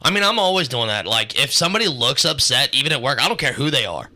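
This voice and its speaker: Male podcast co-host, very bright sharp voice, rambling and profane. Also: medium pitch, expressive, fast. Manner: rambling storyteller, heavy fillers and swearing. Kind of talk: casual podcast chat.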